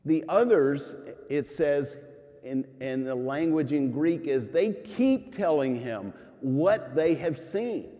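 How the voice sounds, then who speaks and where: A man preaching a sermon as pastor, earnest and emphatic, swinging from loud rises to quiet drops. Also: a little high, expressive, slow pace. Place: church sanctuary. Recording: church sanctuary with long reverb.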